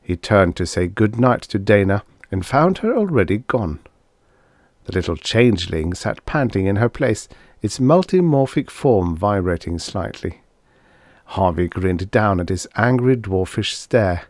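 A man narrating a vintage science fiction story aloud in an expressive, lilting storytelling manner. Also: fairly low pitch, a little slow, dry recording, clean studio sound. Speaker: audiobook narrator. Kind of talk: scripted narration.

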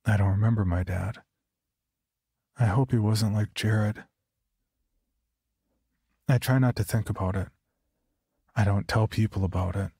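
Husky low-voiced man narrating horror. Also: steady tone, no echo, clean studio sound. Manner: quiet, halting, subdued first-person telling.

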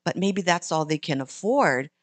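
A woman voicing a patient mother in a children's story, speaking in a calm, reassuring way. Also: fairly low pitch, moderate pace, dry recording. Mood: gentle.

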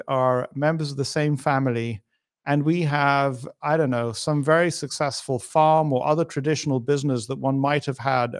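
A man's voice: on the high side, clear, resonant tone. Emphatic, reflective man as podcast guest. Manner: emphatic, reflective, builds arguments with hypotheticals. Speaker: interview guest. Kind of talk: thoughtful podcast conversation.

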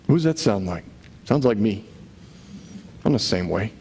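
A man's voice: on the low side, animated, normal speed, a little mellow, husky. A man preaching a sermon to his congregation in a conversational way, often asking rhetorical questions. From Connecticut. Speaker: pastor.

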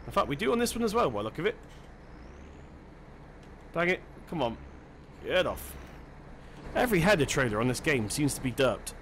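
A man's voice: on the high side, big pitch swings, normal speed, pauses often, a bit bright, a little hiss or hum. A man giving casual let's-play commentary, chatty and self-deprecating, thinking aloud as he plays. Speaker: gaming channel host.

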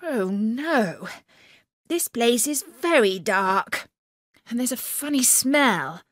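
A silly young jester-turned-spy chirps his jokes in a raised, cheeky voice, put on by a woman reading a storybook. The sound is bright and close, the delivery slow and deliberate. He comes across as a goofy young man who cannot help clowning. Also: fairly high pitch, expressive, no room sound, pitched above the performer's own voice, full character voice. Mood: worried. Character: silly young male jester and secret agent.

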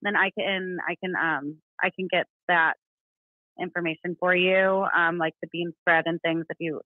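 A woman's voice: fairly low pitch, steady tone, moderate pace, dry recording. A woman answering a business phone, polite and hesitant, with many fillers. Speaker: receptionist. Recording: tinny phone line.

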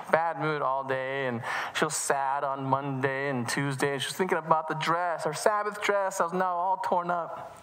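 A man tells a children's story at church and acts out the voices as he goes. He talks in an animated way and often restarts his sentences. His voice is bright and forceful, with a long reverb from the hall. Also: on the high side, moderate pace, slight background noise.

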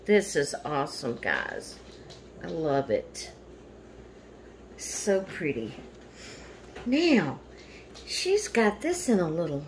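A woman vlogger in a casual unboxing chat at home, gushing and repeatedly thanking and exclaiming over each item. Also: mid-range voice. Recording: noisy home recording. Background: household noise, dog barking.

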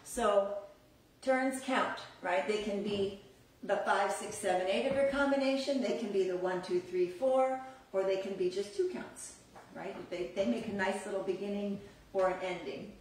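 A woman's voice: mid-range voice, moderate pace, heavy reverb, recorded from a distance, low-quality recording. A woman teaching a belly dance class, chatty and upbeat, laughing often. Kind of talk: live online dance class.

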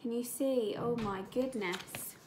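A woman teacher with an English accent reads a storybook aloud to young children, pausing to explain words and ask them questions. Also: fairly high pitch, slight background noise. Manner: slow, gentle and explanatory, asking the children questions. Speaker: primary school teacher.

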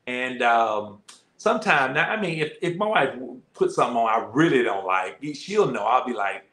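Folksy man with a bright voice. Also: medium pitch, sing-song, moderate pace. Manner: folksy, repeats himself, laughs at his own stories. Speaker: guest. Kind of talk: casual conversation. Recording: roomy studio echo.

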